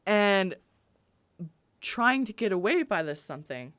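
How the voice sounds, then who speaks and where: A woman's voice: mid-range voice, big pitch swings, measured pace, a bit bright, no echo. A young woman co-hosting a podcast, telling funny stories in casual chat, giggling often and swearing freely. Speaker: podcast co-host.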